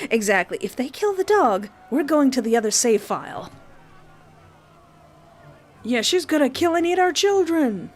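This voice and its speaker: A woman's voice: sits high, big pitch swings, unhurried, long pauses. A woman streamer chatting playfully while playing a story game, joking and laughing often. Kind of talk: live game commentary.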